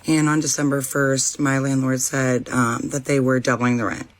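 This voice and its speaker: A mother calmly and matter-of-factly recounting how she lost her home. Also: very deep voice, normal speed. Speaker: parent sharing her story. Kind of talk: personal vlog.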